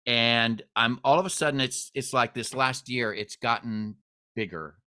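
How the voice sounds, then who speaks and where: A man hosting a podcast, chatting casually and telling stories with lively quoted voices. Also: mid-range voice, unhurried, clean tone. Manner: storytelling, animated when quoting others. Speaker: podcast host. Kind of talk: casual interview chat.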